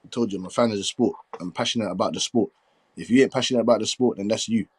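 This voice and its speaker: A man argues boxing in a casual, heated debate, full of profanity and mocking laughter. His voice sits low, and the sound is dry and close. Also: rapid-fire, breathy edge, no room sound, faint music behind. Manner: profane, combative, laughing banter.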